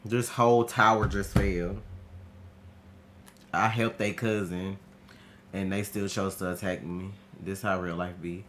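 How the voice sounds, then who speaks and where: A man streaming a horror game, talking to himself in casual, profane, excitable commentary. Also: low-pitched, measured pace, pauses often, slight background noise. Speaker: gaming streamer.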